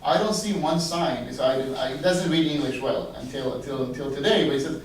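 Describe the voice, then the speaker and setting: A rabbi giving a storytelling sermon, a man who acts out the quoted dialogue with big leaps in pitch. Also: fairly quick, a little hiss or hum. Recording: echoey room, voice heard from a distance.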